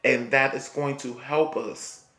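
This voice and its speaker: A man giving a spiritual tarot reading, speaking slowly and repeating himself, often checking in with "okay?". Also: medium pitch, fairly even intonation, fairly bright tone, soft background music. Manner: slow, repetitive, reassuring, punctuated by "okay?". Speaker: tarot reader.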